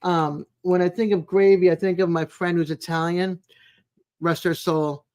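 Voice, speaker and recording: Live streamer, casual chat, rambling, greets viewers by name, homey small talk, mid pitch. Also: steady tone, normal speed, a little mellow. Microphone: home streaming mic, no camera.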